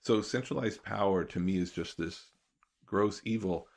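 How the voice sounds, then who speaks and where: A man's voice: on the low side, moderate pace, vocal fry, a little mellow. A man, a guest economist and professor, explaining his ideas in a thoughtful, conversational podcast interview.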